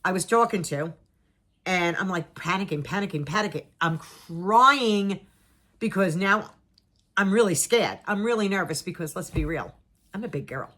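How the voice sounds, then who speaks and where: A woman's voice: fairly low pitch, normal speed. A middle-aged woman telling a personal story to her viewers in a casual, dramatic way, acting out what people said and repeating words for emphasis. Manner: animated, dramatic, acts out her own and others' lines.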